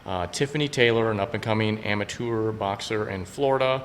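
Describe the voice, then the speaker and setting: Chill wry dude co-hosting a boxing podcast, lowish voice, echoey room with faint background hum. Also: male voice, fairly quick. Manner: laid-back, wry, opinionated. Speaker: podcast co-host, youth football assistant coach. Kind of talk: casual chat.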